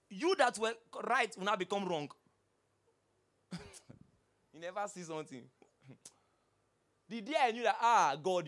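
Animated, bright-voiced Nigerian pastor preaching. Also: male voice, high voice. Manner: animated preaching with humor and repeated rhetorical questions. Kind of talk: sermon.

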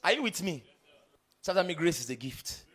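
Preacher man, really high bright voice, keeps asking are you with me, goes loud then soft. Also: very animated, moderate pace, slightly rough. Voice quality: emphatic, often checks in with "are you with me?". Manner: builds to loud bursts, then drops low and quiet. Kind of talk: sermon.

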